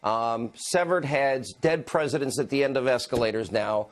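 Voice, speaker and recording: A man's voice: medium pitch, moderate pace. A man hosting a cable news interview, opinionated and combative. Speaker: host.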